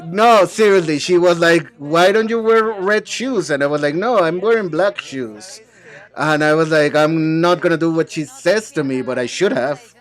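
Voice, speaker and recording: A man's voice: on the high side, moderate pace. A man voicing an English dub of reality-show banter alone, sassy and bickering as he switches between several speakers. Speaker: translator dubbing a reality show.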